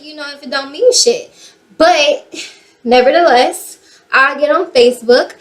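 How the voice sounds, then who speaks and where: A young woman from the Bay Area telling a personal story in a casual, animated way, swearing freely. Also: high-pitched. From San Francisco Bay Area. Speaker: vlogger.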